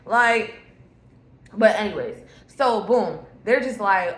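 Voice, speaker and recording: A woman's voice: mid-range voice, lively intonation, slow pace. A woman giving a casual tarot reading to viewers, talking bluntly and swearing freely. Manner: blunt, profane and emphatic. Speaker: tarot reader. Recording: echoey room with faint noise.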